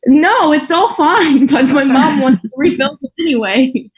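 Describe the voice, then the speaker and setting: A woman's voice: high-pitched, animated, a little slow, poor audio. A young woman chatting casually on a video call, with many "like" fillers. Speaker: audience member. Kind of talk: casual chat.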